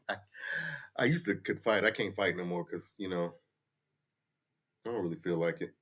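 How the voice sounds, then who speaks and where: A livestream host in his 50s speaks at a moderate pace in a low, slightly bright voice. During his casual chat he rants bluntly with profanity, captured by a computer mic.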